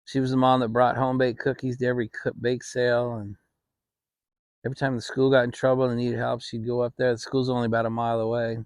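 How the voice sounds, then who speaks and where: A middle-aged man hosting his own channel, telling a family story in a relaxed, rambling way with frequent restarts. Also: medium pitch, quick pace, clean tone, dry recording. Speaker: channel host. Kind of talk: casual storytelling. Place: home, relaxed fireside setting.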